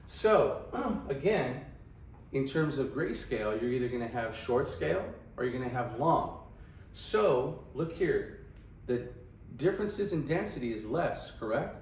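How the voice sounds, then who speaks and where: A man lectures on radiography in a relaxed, chatty way and keeps asking his listeners "right?". His voice sits at a middle pitch. The sound is roomy and slightly distant, with faint background noise. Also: measured pace. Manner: chatty, asks "right?" often. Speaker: radiography instructor. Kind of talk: casual classroom lecture.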